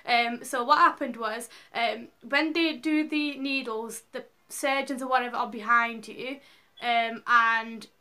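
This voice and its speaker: A woman's voice: a little high, fairly even intonation, unhurried, sharp tone. A young woman vlogger telling a personal story to camera in a casual, rambling way, full of likes and ums. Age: young adult.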